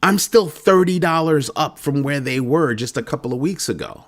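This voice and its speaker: A man's voice: fairly high pitch, animated, moderate pace. A middle-aged man hosting a finance channel, delivering a heated, sarcastic rant with strong emphasis. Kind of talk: ranting monologue.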